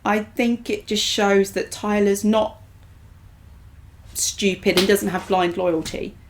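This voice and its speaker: Mid-pitched woman, measured and analytical. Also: fairly even intonation. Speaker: reaction show co-host. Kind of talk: casual chat reacting to a TV episode.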